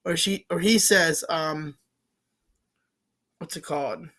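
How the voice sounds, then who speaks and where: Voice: mid-range voice, takes it slowly, fairly bright tone. A casual movie reviewer rambling about a film series, with lots of fillers, restarts and casual swearing.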